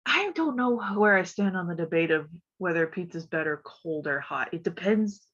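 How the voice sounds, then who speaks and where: Stuffed-up woman from west virginia rambling on a stream, deep voice, muffled lo-fi sound. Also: animated, moderate pace, a bit bright. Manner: chatty, laughs often, rambling. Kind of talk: casual stream chat. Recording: dull lo-fi audio.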